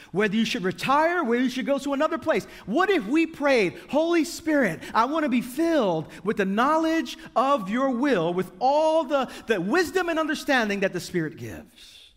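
High-voiced male pastor preaching in a hall. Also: animated, normal speed, hardly any pauses. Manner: conversational preaching with rhetorical questions and humor. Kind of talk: sermon. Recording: long reverb of a large hall.

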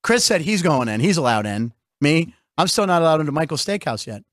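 A man hosting a comedy sports show from a studio, talking in jokey, animated banter. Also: fairly high pitch, fairly quick, no echo. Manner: animated, jokey, puts on mock announcer voices. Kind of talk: joking radio-style banter.

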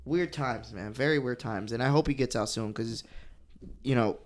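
A man co-hosting a casual podcast chat, swearing freely and talking with animated energy. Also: mid-range voice, normal speed, a little hiss or hum. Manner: profane, animated, mock British voice at times. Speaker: podcast co-host.

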